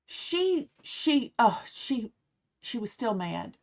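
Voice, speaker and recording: A middle-aged woman tells a personal story in a relaxed, chatty way. Her voice sits a little high, and she brings the people she quotes to life as she goes. The recording is a bit dull and muffled. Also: slow pace, long pauses. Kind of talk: casual spoken storytelling. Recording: slightly muffled, dull sound.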